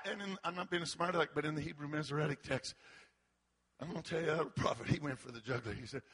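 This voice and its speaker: A man preaching a sermon, acting out the quotes as he goes and breaking into shouts. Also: a little high, fast, slightly rough. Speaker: pastor.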